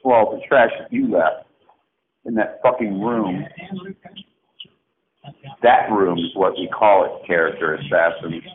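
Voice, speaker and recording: A middle-aged man whose voice sits low and steady leaves an angry, rambling phone message at a measured pace, pausing often. He is profane and mocking, erratic and sarcastic in his swings, and the tinny line carries a faint hiss.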